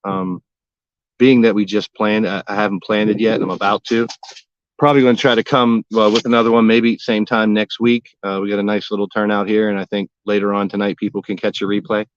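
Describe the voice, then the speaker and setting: A man's voice: fairly low pitch, little pitch movement, brisk, clean tone, dry recording, lo-fi sound. A man hosting a casual gardening livestream from his backyard, talking in a folksy, rambling way and cracking jokes with old sayings. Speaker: gardening vlogger and livestream host. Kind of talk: casual live-stream chat.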